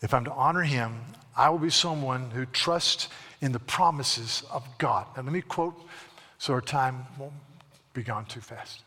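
Male Baptist pastor, husky, folksy storyteller turned emphatic preacher, echoing church sanctuary. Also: medium pitch, unhurried, sharp tone. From South Carolina, USA. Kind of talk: sermon with storytelling. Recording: long reverb of a large hall.

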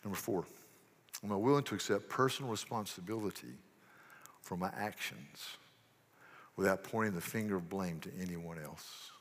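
A man's voice: sits low, moderate pace, pauses often. A man preaching a sermon as pastor, earnest, asking rhetorical questions and often restarting his sentences. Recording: long church reverb.

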